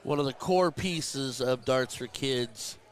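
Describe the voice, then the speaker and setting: A man's voice: mid-range voice, slow. A man hosting a live darts tournament stream, chatting and commentating in a heartfelt, emotional way.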